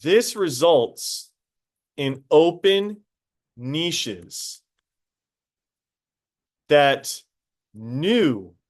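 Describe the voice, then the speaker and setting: A man teaching a high school biology class, casual and talkative, stopping to quiz students directly. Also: big pitch swings, drawn-out words, long pauses. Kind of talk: classroom lecture.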